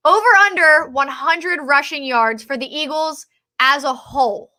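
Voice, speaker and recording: Female podcast co-host, forceful bright tone, slightly high, excitable casual sports banter. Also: a little slow. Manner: excitable, trails off and restarts.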